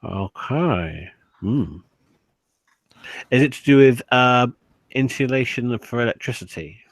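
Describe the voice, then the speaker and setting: A man co-hosting a casual watchalong commentary, guessing aloud with hesitant pauses. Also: medium pitch, animated, no echo. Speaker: co-host.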